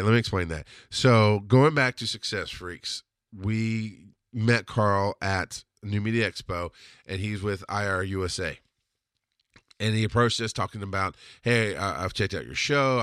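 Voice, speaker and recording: Blunt, low-voiced man rambling through stories. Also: fairly bright tone, dry recording, studio quality. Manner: rambling, blunt, with frequent restarts and mild swearing. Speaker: podcast host. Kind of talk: casual storytelling monologue.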